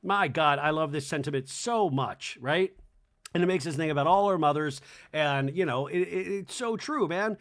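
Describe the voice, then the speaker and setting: A man with a fairly high voice, speaking at normal speed, recaps a reality TV episode on his podcast as an animated solo commentary. He's lively and chatty, tags lines with "right?", and acts out cast members' lines in exaggerated voices.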